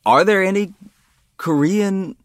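A man's voice: high-pitched, slow, dry recording. A man in casual conversation, musing aloud and restarting his sentences as he works toward a point. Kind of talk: casual chat.

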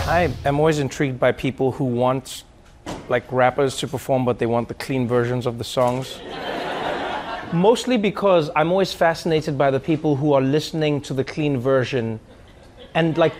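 A man doing stand-up comedy, telling stories with lively voice impressions. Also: a little high. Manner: animated storytelling with playful voice impressions. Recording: live room with crowd noise.

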